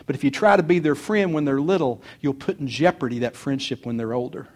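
A man's voice: mid-range voice, a little fast, a little mellow. An older man, a pastor, preaching a sermon to parents in an earnest, folksy way, mixing homespun stories from his own family with plain advice.

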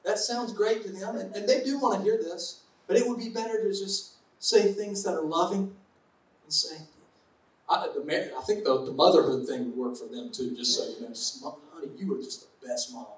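Man, pastor, sermon, playful asides, high voice, echoey hall, distant mic. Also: moderate pace. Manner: conversational, playful asides to the congregation.

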